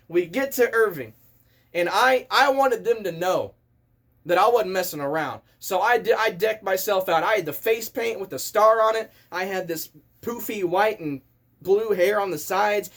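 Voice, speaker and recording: High-voiced excitable man telling a story. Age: 30s. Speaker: vlogger. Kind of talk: casual storytelling rant.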